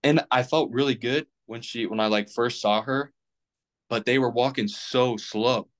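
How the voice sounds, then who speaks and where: A man's voice: medium pitch, fairly even intonation, measured pace. A young man in his twenties, a podcast guest rambling casually with plenty of fillers and restarts. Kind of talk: casual chat.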